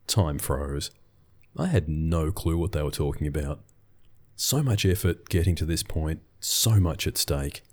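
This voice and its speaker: A man's voice: extremely low pitch, measured pace. A middle-aged man, telling a scripted business story in a dry, wry way. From Australia.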